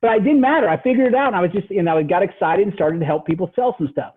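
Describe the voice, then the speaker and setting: A man giving a motivational real estate training talk over a call, animated and tacking "right?" onto his points. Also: sits high, rapid-fire, husky. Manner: animated, repeats "right?" after each point. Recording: tinny phone-line audio.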